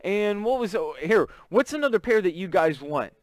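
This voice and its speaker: A man's voice: high voice, big pitch swings, normal speed, no echo. A man from Texas with a Southern accent, hosting a live trading stream in casual, chatty talk and greeting viewers by name. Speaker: forex trading stream host.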